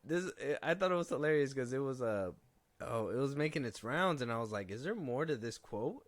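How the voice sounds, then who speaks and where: A young man co-hosting a film podcast, casually running through film news in a relaxed, rambling way. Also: medium pitch, fairly quick. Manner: relaxed, rambling, trails off and restarts. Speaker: podcast co-host.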